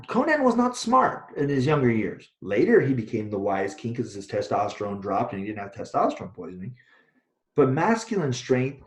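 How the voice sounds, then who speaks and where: A man co-hosting a casual discussion, talking bluntly and swearing freely as he rants. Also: mid-range voice. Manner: blunt, profane, animated ranting. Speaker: co-host, Taoist teacher. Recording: echoey room, dull lo-fi sound.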